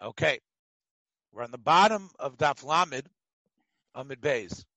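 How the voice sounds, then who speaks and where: A middle-aged man with an American accent teaching a casual Talmud lesson as a lively storyteller with joking asides. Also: medium pitch, a little slow, dry recording, muffled recording.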